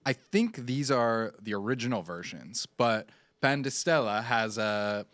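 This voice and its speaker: A man's voice: medium pitch, expressive, measured pace, fairly bright tone, no echo. A man co-hosting a culture podcast, telling stories in an easygoing, chatty way. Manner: easygoing storytelling with fillers. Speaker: podcast co-host. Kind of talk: casual chat.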